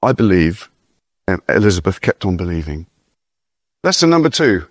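A man preaching an earnest, encouraging sermon, reading scripture slowly and breaking off for informal asides and questions to his listeners. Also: sits low, very animated, no room sound, studio quality. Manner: reads verses aloud slowly and deliberately.

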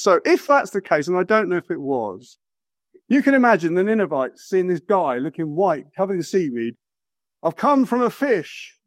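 A middle-aged man preaching a sermon, animated and acting out quotes with exaggerated voices. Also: a little high, dry recording, clean studio sound.

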